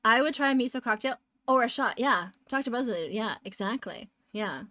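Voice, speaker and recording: The recording is dry, capturing a young female live streamer whose slightly high, animated voice has a sharp edge and moves at normal speed. She rambles casually to viewers and eats between sentences, sitting close to a desk mic.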